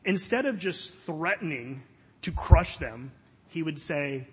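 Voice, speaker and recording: Slow but animated, a middle-aged Florida pastor preaches in a slightly high, bright, rather rough voice. The sermon is earnest and conversational, lightened by self-deprecating humor, with long hall reverb.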